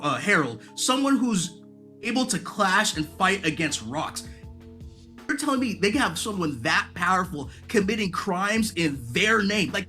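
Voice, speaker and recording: A man's voice: sits high, bright, forceful tone. A man in casual chat, ranting animatedly about a story and swearing freely.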